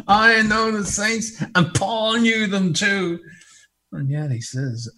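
A man's voice: sits high, drawn-out words, pauses often. An older man preaching a sermon, telling stories with humor and asking the congregation questions. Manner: animated storytelling with humor and rhetorical questions.

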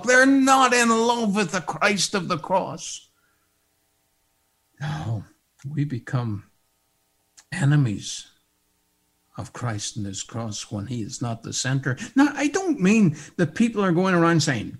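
A middle-aged man preaching a sermon, swinging from hushed, near-whispered lines to emphatic, raised declarations. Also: fairly high pitch, sing-song, slow, pauses often, husky.

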